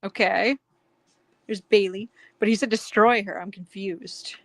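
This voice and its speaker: A woman's voice: medium pitch, fairly even intonation, unhurried, fairly bright tone, dry recording. A woman guest artist chatting casually and laughing often while she draws on a stream.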